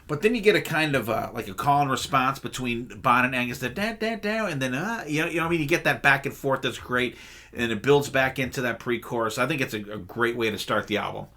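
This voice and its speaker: A man talks through rock tracks in a loose, excited podcast chat. His voice is bright and forward, full of fillers, restarts and sung guitar riffs. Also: medium pitch. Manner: enthusiastic, rambling, with many fillers and sung riffs. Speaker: podcast co-host. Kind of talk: casual music review chat.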